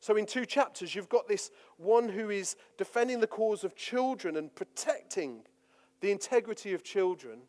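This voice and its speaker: A male preacher delivering a sermon, moving between forceful scripture reading and relaxed, chatty asides. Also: high-pitched, normal speed, big-room sound. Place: church hall.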